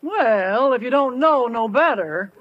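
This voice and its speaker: A woman's voice: a little high, animated, a little slow, muffled recording. An actress playing a brash, slangy, hard-of-hearing cleaning woman in a 1940s radio comedy. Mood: nosy. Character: brash, loud working-class cleaning woman. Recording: scratchy old radio recording.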